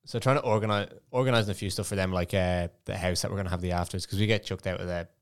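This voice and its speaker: A man's voice: deep voice, fairly even intonation, rapid-fire, clean tone. A young Irish man co-hosting a podcast, telling stories in casual chat with laughs and swearing. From Ireland. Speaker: podcast co-host.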